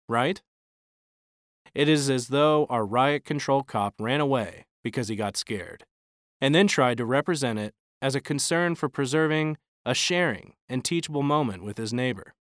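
A man's voice: medium pitch, clean tone, no room sound, clean studio sound. A man reading his own opinion piece aloud, in a formal, pointed and wry manner. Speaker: author reading his own blog post. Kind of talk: read-aloud opinion commentary.

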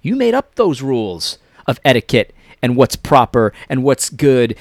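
A man giving impassioned commentary, preachy and repetitive, swinging between loud emphasis and near-whispered lines. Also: mid-range voice, sing-song, unhurried, few pauses, dry recording, clean studio sound.

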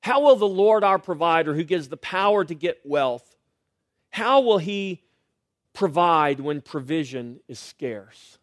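A middle-aged male pastor preaching a sermon, swinging between loud rising lines and quiet, hushed refrains. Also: fairly high pitch, lively intonation, unhurried, no echo, clean studio sound.

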